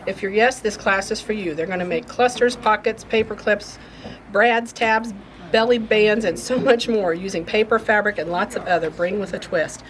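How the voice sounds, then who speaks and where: A woman's voice: medium pitch, fairly even intonation, moderate pace. A woman hosting a craft shop's update video, chatting in a rambling, homespun way about upcoming classes. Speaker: shop host and class teacher. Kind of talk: casual shop-update chat. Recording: noisy shop recording.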